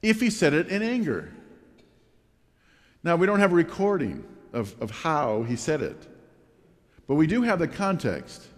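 Pastor guy preaching slow, voice swings up and down a lot, long hall echo behind him. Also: fairly high pitch. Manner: expressive preaching with rhetorical questions. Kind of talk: sermon.

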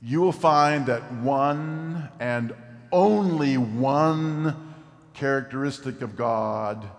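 A pastor preaching a sermon, animated, dropping low and slow to stress key words. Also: male voice, faint music behind. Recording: long reverb of a large hall.

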